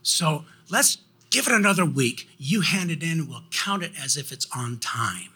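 A man voicing a kind woman schoolteacher who gently encourages a student. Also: fairly high pitch, animated, measured pace, breathy edge, pitched above the performer's own voice, full character voice. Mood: encouraging. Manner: gentle, coaxing.

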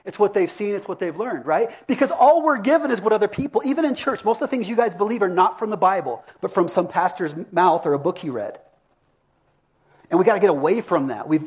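High-voiced pastor preaching conversationally. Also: male voice, a little mellow, breathy edge. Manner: conversational, asks the congregation questions. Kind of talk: interactive sermon.

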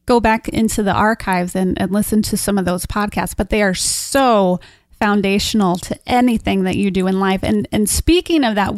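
A woman's voice: medium pitch, no room sound, clean studio sound. A woman interviewing a podcast host, reading listener questions in a friendly, supportive way. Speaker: guest interviewer, assistant.

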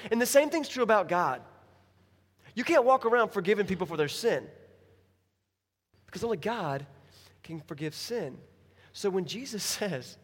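A man's voice: a little high, a little slow, pauses often. A man preaching a sermon as a pastor, telling stories with acted-out voices. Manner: animated storytelling with acted-out voices. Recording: hall reverb.

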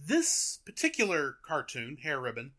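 Man, podcast co-host, casual chat, lively pitch, bright tone. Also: normal speed. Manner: animated storyteller, chuckles often. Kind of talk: casual chat, retelling a cartoon.

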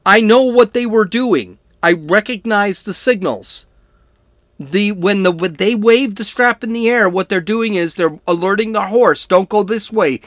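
A man's voice: high-pitched, fairly bright tone, no echo, clean studio sound. A man hosting a political talk show, giving blunt, combative and sarcastic opinion commentary.

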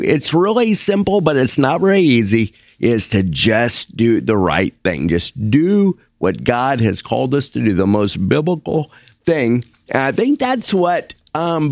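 A man's voice: a little high, dry recording, clean studio sound. A man hosting a Bible study discussion, affirming and summing up what the others say. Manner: affirming, sums up others' points. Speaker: discussion host.

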